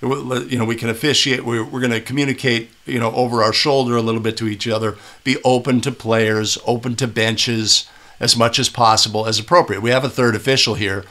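Middle-aged male instructor, bright forceful tone, casual clip-breakdown teaching style. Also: medium pitch, steady tone, brisk. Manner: conversational, asks "right?" often. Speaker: basketball officiating instructor. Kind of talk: video breakdown commentary.

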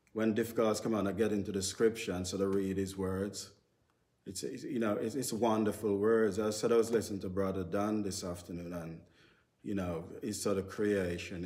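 A man's voice: on the low side, a little mellow. A man giving an informal sermon in a church service, rambling and full of "sort of" and "you know". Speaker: church speaker.

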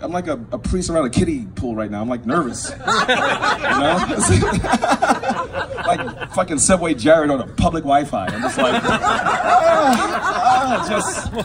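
A young man from Queens, New York, does a loose, rambling stand-up set with crowd work at a small backyard show, the live audience laughing often behind him. His voice is fairly high and sing-song at a moderate pace, and the recording is very noisy.

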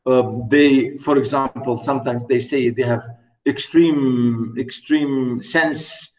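A man's voice: mid-range voice, fairly even intonation, slow, recorded from a distance, low-quality recording. A man, teaching a literature class in a classroom, emphatic and repetitive, with many fillers. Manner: emphatic, repeats words, many "you know" fillers. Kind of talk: classroom lecture.

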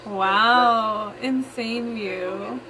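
A woman's voice: a little high, steady tone, very slow, crowd noise. A woman hosting a fan reaction video, gushing and laughing often as she comments. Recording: audible background noise.

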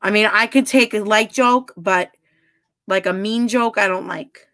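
A woman's voice: medium pitch, a little slow, a bit bright. A woman chatting casually on a live stream, answering her chat bluntly and swearing freely. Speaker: livestreamer reading chat.

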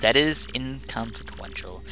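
A man voicing a dutiful male base computer with a conscience, speaking in a stiff, formal, measured way. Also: mid-range voice, animated, bright, forceful tone, a little hiss or hum. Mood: solemn.

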